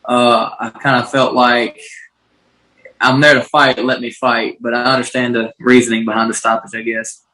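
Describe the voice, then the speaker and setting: Male fighter, 30s, bright forceful tone; loose, rambling interview answers. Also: mid-range voice, flat delivery, moderate pace, rough recording. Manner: laid-back, rambling, many "uh" and "man" fillers. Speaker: bare-knuckle fighter.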